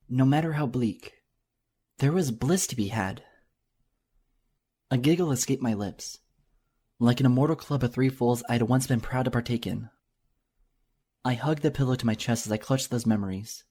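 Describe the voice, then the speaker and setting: A man narrates a first-person story in a reflective, measured way. His voice is mid-pitched with a slightly husky grain. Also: warm tone. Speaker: audiobook reader.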